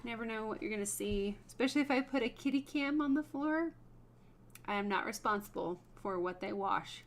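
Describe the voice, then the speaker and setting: A woman with a slightly high voice hosts a relaxed craft livestream. She chats easily with her viewers while she works, greeting them by name and laughing often. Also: a little fast. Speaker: host of a wood burning livestream. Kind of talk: casual livestream chat while working.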